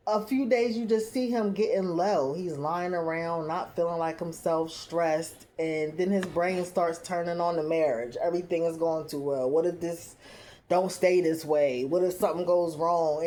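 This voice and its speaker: A woman's voice: on the low side, a little slow. Chatty, opinionated woman recapping reality TV. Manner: chatty, opinionated, animated storytelling with playful asides. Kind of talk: casual recap commentary.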